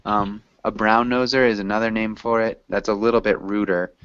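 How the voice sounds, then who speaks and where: A man's voice: on the low side, level tone, a little fast, fairly bright tone, smooth, dry recording. A man teaching an English class, explaining patiently and casually with lots of ums. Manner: patient, loose and chatty, with many ums. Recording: dull lo-fi audio.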